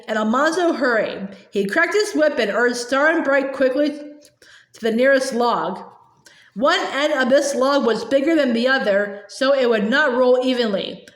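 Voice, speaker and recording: A woman reading a children's novel aloud in a gentle storytelling manner, with small slips and restarts. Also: sits high. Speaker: audiobook reader. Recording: echoey room.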